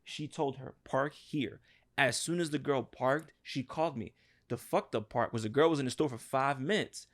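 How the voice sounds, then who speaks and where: A man's voice: medium pitch, normal speed. A man telling a long profane story on a casual podcast, acting out what people said. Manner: animated, profane, acts out quotes. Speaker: podcast co-host.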